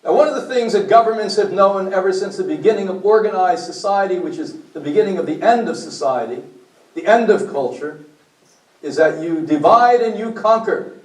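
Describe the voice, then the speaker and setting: A man with a high voice lectures a group, blunt and preachy, putting questions to his listeners. He is heard from a distance in an echoey meeting room. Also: animated, brisk, darkish tone. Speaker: speaker at a health meeting.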